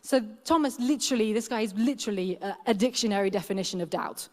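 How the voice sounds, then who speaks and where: A woman's voice: mid-range voice, fast talker, a little mellow. A woman giving a casual, humorous sermon as a guest preacher, chatty and often laughing. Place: church hall. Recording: echoey church hall.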